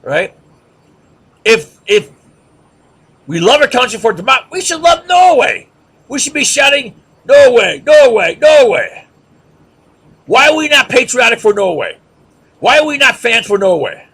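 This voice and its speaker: Man, lecturer, husky gravelly high voice, mocking rhetorical style. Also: big pitch swings, normal speed, long pauses, pushed and bright. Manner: sarcastic, mocking chants and repeated questions.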